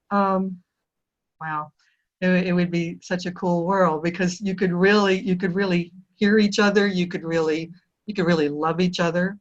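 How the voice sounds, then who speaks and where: A woman answers questions in a relaxed interview, pausing and thinking aloud as she goes. Her voice sits at an ordinary pitch, and the recording sounds dull and lo-fi. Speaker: guest. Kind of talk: casual interview chat.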